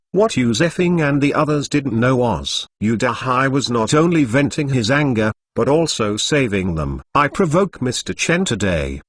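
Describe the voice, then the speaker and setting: A man's voice: mid-range voice, dry recording. A man's synthetic voice narrating a web novel, reading punctuation marks aloud.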